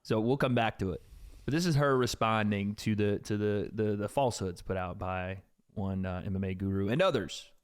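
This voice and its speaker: A man's voice: lowish voice, moderate pace, clean tone. A man co-hosting a casual reaction show, wry and laughing. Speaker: co-host.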